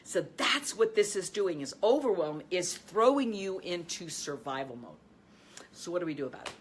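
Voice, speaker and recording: A woman who is a life and business coach hosts a coaching video, teaching energetically, speaking straight to viewers and laughing often. She then softens into a calm, low voice to guide breathing. Her speed is normal and her voice slightly rough.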